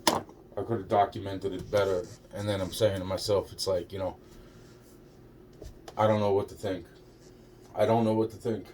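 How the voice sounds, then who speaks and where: A fairly low-voiced man rambles in an agitated monologue, looping back over the same words and swearing constantly. He sits some way back from the microphone, and a faint hiss of background noise runs under his voice. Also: flat delivery, moderate pace, long pauses, recorded from a distance. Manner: agitated, repetitive, heavy swearing, trailing restarts. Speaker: vlogger.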